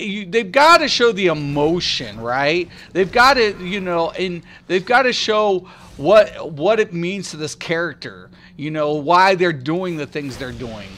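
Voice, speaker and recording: A man streaming a game, chatting casually and excitedly with his viewers, with lots of restarts and fillers. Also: high-pitched. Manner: rambling, excitable, talks back to chat. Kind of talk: casual live-stream chat.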